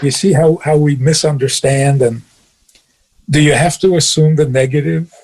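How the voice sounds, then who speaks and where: A man with a fairly high, husky voice gives a radio teaching as a rabbi. He chuckles often as he talks and drives his points home with pointed rhetorical questions. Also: fairly even intonation, normal speed, a little mellow. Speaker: rabbi and radio show host. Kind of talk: teaching talk on a radio show.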